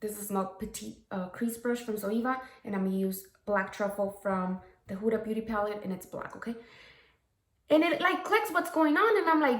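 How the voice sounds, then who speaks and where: A woman's voice: mid-range voice, animated, moderate pace. A woman telling a story while doing a makeup tutorial, frank and profane, often checking in with "okay?" and "right?". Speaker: makeup vlogger. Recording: echoey room.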